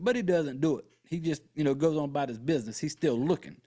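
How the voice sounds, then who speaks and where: Profane man recapping a film, higher voice. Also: quick pace, few pauses. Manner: profane, animated retelling with joking asides. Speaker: podcast host. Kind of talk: casual movie recap.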